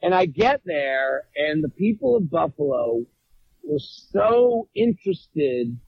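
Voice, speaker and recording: A man's voice: on the high side, slow, husky, dry recording, muffled recording. A man from the Boston area, a comedian guest in casual interview chat, telling stories and acting out the people in them, swearing freely. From Boston area, USA. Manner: animated storyteller acting out dialogue, swears freely.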